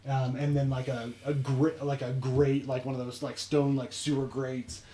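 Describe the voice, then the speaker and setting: A man narrates as game master for his players, pausing and restarting as he describes the dungeon. His voice sits mid-pitch with a faint hiss behind it. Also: level tone, mellow. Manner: halting, many fillers and restarts.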